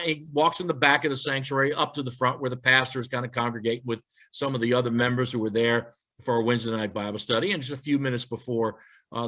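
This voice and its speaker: A man's voice: mid-range voice, pushed and bright. A male pastor telling funny stories and reading church signs in a light-hearted sermon, acting out the characters as he goes.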